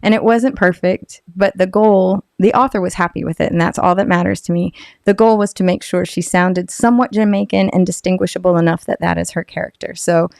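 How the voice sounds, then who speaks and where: A woman's voice: fairly low pitch, steady tone, brisk, gravelly, darkish tone, no echo, clean studio sound. A woman who works as a voice-over artist, chatting animatedly as a guest on a podcast and laughing often. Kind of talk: casual podcast chat.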